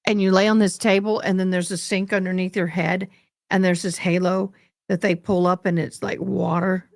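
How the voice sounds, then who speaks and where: Gravelly, chatty Southern woman. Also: lowish voice, flat delivery, moderate pace, no room sound, clean studio sound. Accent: mild Southern US. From Tennessee. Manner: chatty, rambling, slips into playful put-on accents. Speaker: livestream host. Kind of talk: casual chat to viewers.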